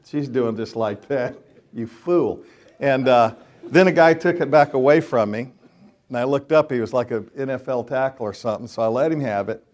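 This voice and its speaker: A man's voice: mid-range voice, a little mellow. A middle-aged man, a minister telling funny stories to a group of men in a folksy, joking way and acting out the scenes. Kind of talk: storytelling sermon.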